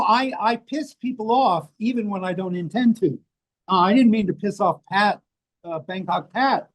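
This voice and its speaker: Older american guy, kinda high voice, swears a lot, brutally honest interview chat. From United States. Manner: blunt, profane, self-mocking. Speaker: interview guest, author. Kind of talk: candid casual conversation. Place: rainy place indoors, rain outside.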